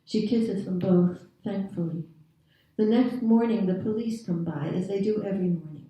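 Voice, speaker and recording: A woman author reading her own prose aloud at a literary event, in a measured, deliberate storytelling manner. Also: medium pitch, dark tone. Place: reading series venue. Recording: very echoey room, distant mic.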